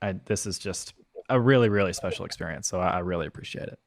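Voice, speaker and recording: Earnest halting male podcast host, dry sound. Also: deep voice, vocal fry, dry recording. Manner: earnest, halting, many fillers and restarts. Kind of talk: casual interview chat.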